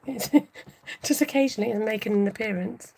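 A woman hosting a casual livestream craft tutorial, chatting warmly with viewers and laughing often. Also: mid-range voice, a little fast, gravelly, slight background noise, poor audio. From United Kingdom. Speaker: craft channel host.

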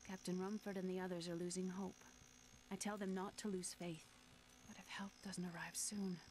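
A woman's voice: lowish voice, little pitch movement, moderate pace, darkish tone, a little hiss or hum, natural voice, low-quality recording. An actress playing a worried young woman in a video game, speaking earnestly and anxiously.

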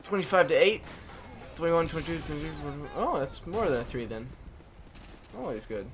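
This gaming commentator's voice sits a little high and is expressive and brisk, with soft music and game gunfire behind him. Talking to himself through his shooter gameplay, he substitutes gentle words for curses.

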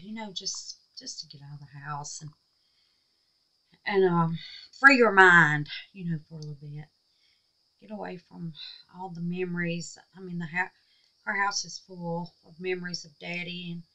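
A woman talks slowly and warmly at her craft table, in a folksy, affectionate way. Her voice is bright and clear. Now and then she drops to a near whisper while she works. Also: medium pitch, poor audio. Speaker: crafting channel host. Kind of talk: casual crafting vlog chat.

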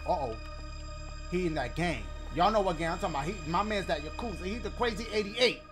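Lively high-voiced joking man gamer. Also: fast talker, soft background music. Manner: animated, joking, slangy. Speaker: gaming video host. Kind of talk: let's play commentary.

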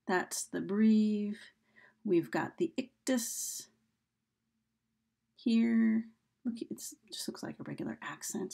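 A woman's voice: mid-range voice, creaky, dark tone, slightly rough. A woman teaching a recorded video lesson in a casual, chatty way, with frequent fillers as she explains.

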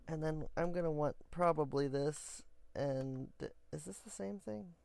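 A man chats through a building game for his viewers in a loose, goofy way, wandering off into silly asides. His voice has a gravelly edge, and the sound is dry and close with no room around it. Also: on the high side, measured pace, darkish tone, no room sound. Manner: chatty and goofy, rambling asides. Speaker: game building vlogger, host. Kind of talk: casual gameplay commentary.

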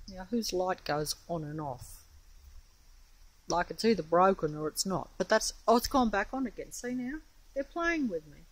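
An Australian woman vlogger narrates a casual phone video on a windy, rainy street, her fairly low voice animated and at a normal pace. She sounds hesitant, rambling and wary, and the mobile phone camera audio is poor.

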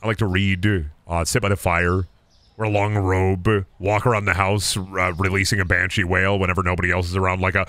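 A man chats on a gaming livestream, tumbling through absurd, rambling jokes. He talks at a rapid clip in a fairly low voice. The tone stays casual and off-the-cuff. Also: little pitch movement, fairly bright tone, no echo. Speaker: gaming streamer.

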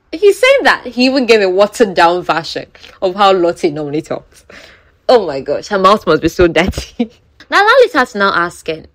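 A woman's voice: medium pitch, huge pitch swings, moderate pace, no room sound. A woman casually retelling a romance novel, chatty, with frequent asides to the listener. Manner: chatty, asides like "you know". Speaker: book storyteller.

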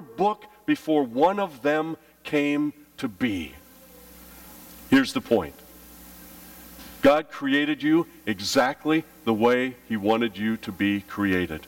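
A male pastor delivers a sermon in a gravelly voice, his pitch rising and falling widely as he acts out stories. The sound is dry and picked up from slightly back from the microphone. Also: takes it slowly, no echo, recorded from a distance. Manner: animated storytelling, acting out his childhood panic with shouts. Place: church.

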